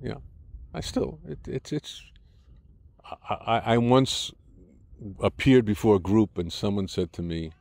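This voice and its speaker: A man's voice: on the low side, expressive, normal speed, warm tone, no echo. Older American man, dry lecturing voice. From United States. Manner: argumentative, lecturing with many restarts and "look". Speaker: interview guest. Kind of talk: interview.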